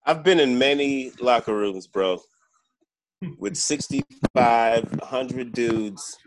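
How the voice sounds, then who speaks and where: A man's voice: medium pitch, takes it slowly, background noise. A man co-hosting a casual talk show, telling a story with lots of laughter and acted-out lines. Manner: animated storyteller, laughs often. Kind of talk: casual podcast banter.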